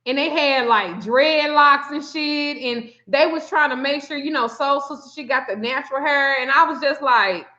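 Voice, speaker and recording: A woman with a bright, fairly high voice tells a story in casual chat. She is animated and profane and acts out each quote with flair. The recording is muffled and lo-fi. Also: normal speed, few pauses. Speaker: spiritual reader and vlogger. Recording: muffled lo-fi sound.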